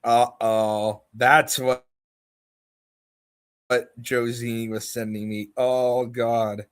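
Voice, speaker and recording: A man's voice: medium pitch, little pitch movement, drawn-out words, smooth. A man hosting a livestream, chatting casually and mocking others as he rambles. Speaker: livestream host. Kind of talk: casual chat.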